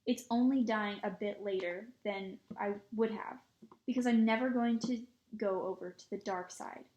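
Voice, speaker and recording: A woman's voice: mid-range voice, normal speed, a little mellow, lightly acted. A woman doing an urgent, defiant boy. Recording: echoey room.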